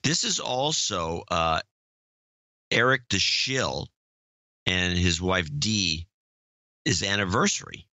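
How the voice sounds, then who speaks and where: A man's voice: low voice, animated, slow pace, pauses often, pushed and bright, dry recording. An older man co-hosting a podcast, chatting casually and reading out listener notes in a dry, offhand way. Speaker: podcast co-host.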